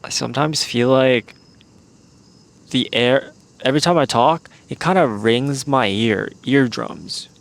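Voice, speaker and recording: A man talks slowly through his solo podcast, his voice gravelly with a lot of vocal fry. He rambles in a relaxed way, with plenty of "like" fillers. He speaks into a handheld mic outdoors. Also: medium pitch. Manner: relaxed, meandering, with many "like" fillers. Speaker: podcast host. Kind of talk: casual solo podcast talk. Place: outdoors in a remote spot. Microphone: handheld microphone.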